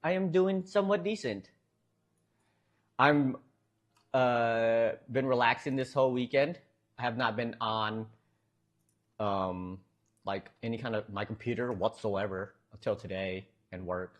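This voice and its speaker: A man's voice: mid-range voice, unhurried, pauses often, lo-fi sound. Man, streamer, casual chat, rambling, hesitant, chuckles, desk mic.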